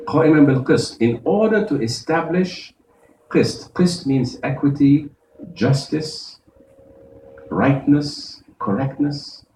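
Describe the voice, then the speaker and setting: A man, an imam, giving a Friday sermon, explaining verses step by step and reciting Arabic quickly. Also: on the high side, animated, dark tone, echoey room, recorded from a distance, slight background noise, low-quality recording. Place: mosque prayer hall.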